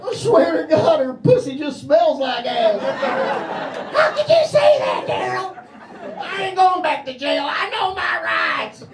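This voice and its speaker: A man playing a panicked male suspect who shouts in a shrill voice. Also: very animated, a little slow, background noise, exaggerated voice. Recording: echoey club with crowd laughter.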